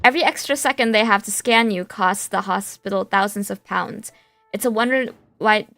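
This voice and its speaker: A woman's voice: medium pitch, fairly bright tone, no room sound. A woman streaming a surreal game, reading its text aloud and chatting in a playful, rambling way. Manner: playful, rambling with fillers and restarts.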